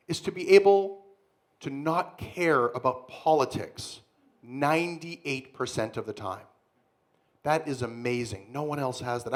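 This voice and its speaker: A man from Canada doing live stand-up on a theater stage, sardonic and wry. His voice sits high and swings widely in pitch, dropping to deadpan mutters before climbing into mock outrage. He talks into a stage mic. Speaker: comedian host.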